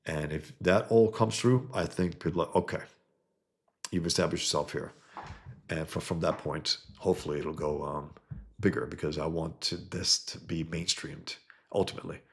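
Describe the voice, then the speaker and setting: A man's voice: extremely low pitch, steady tone, normal speed, slightly rough. A man hosting a casual livestream, talking with enthusiasm and often repeating his words. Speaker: comic creator hosting a livestream.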